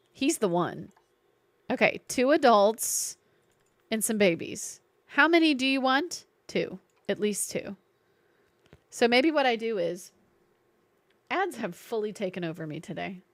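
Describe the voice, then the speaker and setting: A woman's voice: medium pitch, no echo. A woman with a Southern accent, chatting playfully with viewers while streaming a game. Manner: playful, chatty, reacting and greeting chat. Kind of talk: live-streamed gameplay chat.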